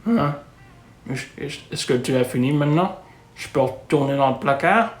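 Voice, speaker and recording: A man voicing a grumpy Frenchman who guards his bread, pitched well above his own voice. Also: animated, moderate pace, natural voice. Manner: indignant, pitched up higher than the host. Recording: echoey room with faint music.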